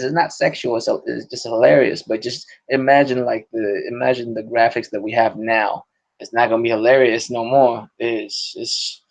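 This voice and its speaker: A man hosting a podcast, with a gravelly, creaky voice at a middle pitch. He rambles in casual, profane chat, often restarting his sentences. The audio is dull and lo-fi. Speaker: podcast host.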